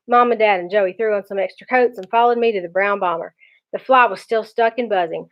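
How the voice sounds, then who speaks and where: A woman teacher reading a children's chapter book aloud in a lively, expressive way. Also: medium pitch, brisk. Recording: dull lo-fi recording.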